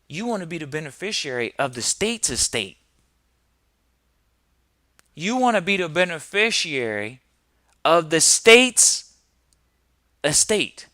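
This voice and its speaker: Forceful, emphatic male podcast host. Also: high-pitched, very animated, takes it slowly, long pauses, dry recording, studio quality. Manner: emphatic, fires rhetorical questions. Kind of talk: preachy podcast monologue.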